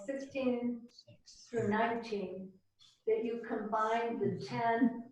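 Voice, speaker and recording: A woman teaching a Spanish class over a video call, saying each word slowly and having the class repeat it after her. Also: a little high, steady tone, darkish tone. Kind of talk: slow, patient language drill. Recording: echoey, distant, dull and slightly noisy room audio.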